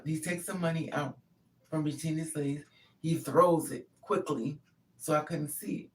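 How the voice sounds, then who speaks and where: A woman's voice: low-pitched, gravelly, distant mic. A woman vlogger telling a personal story in a blunt, profane, casual way, laughing between lines.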